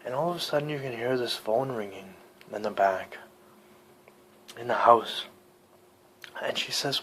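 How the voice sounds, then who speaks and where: A man telling a frightening personal story aloud, unscripted, with halting restarts and swings between loud and hushed delivery. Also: medium pitch, slight background noise, low-quality recording.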